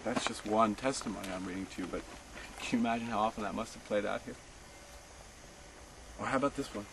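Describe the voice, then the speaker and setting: A man's voice: lowish voice, steady tone, quick pace, gravelly, background noise. A man giving a passionate history talk outdoors, often asking his listeners rhetorical questions. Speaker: history teacher. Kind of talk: guided tour talk. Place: outdoors at a memorial site.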